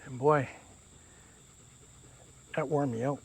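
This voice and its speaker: Camping in damp woods by a river, a male outdoor vlogger talks casually to the camera in an easygoing, rambling way. His voice is gravelly and medium-pitched, with a steady tone and a slow pace. Crickets and other insects make faint noise in the background.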